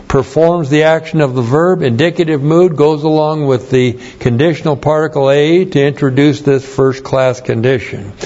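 A man's voice: fairly high pitch, darkish tone, dull audio. A man preaching verse by verse, explaining Greek grammar, spelling words out and repeating phrases for emphasis. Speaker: pastor. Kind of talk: verse-by-verse Bible teaching.

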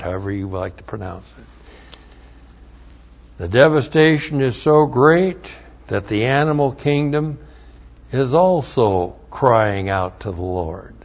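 A man's voice: mid-range voice, highs cut off. A man teaching scripture verse by verse, reading passages aloud with emphasis and spelling out Hebrew words letter by letter. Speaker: Bible teacher.

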